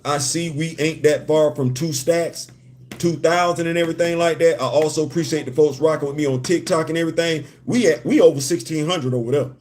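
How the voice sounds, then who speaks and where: Man, livestream host, casual and joking, slightly high voice, hotel room. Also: steady tone, brisk, darkish tone. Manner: laid-back, joking, repeats phrases. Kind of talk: livestream chat.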